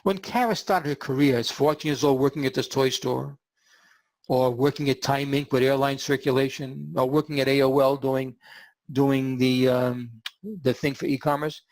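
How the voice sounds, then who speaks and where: A man hosting a podcast and telling a story in an animated way, acting out the quotes. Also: medium pitch, normal speed, no echo. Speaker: podcast host.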